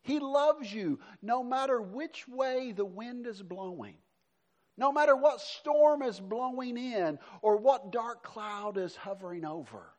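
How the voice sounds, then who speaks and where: Middle-aged guy preaching a sermon, pretty high voice, goes loud then drops real soft. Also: expressive, takes it slowly. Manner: preaching with swings between emphatic and soft, hushed delivery. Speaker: pastor.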